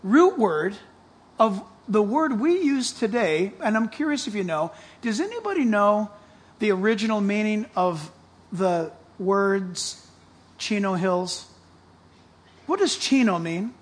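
Male pastor, very high voice, excitable sermon delivery with emphatic, shouted peaks. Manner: excitable, shifts to loud emphatic preaching.

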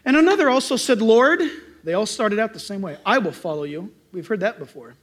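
Lively high-voiced man preaching a sermon. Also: fairly quick. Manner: animated storytelling, acting out greetings in a loud high voice. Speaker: pastor.

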